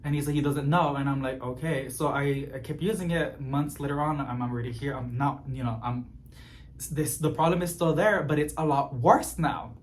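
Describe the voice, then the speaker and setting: Expressive man venting a story. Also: medium pitch, moderate pace. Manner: expressive, gets animated and exasperated while venting. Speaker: plant vlogger. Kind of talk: casual storytelling chat.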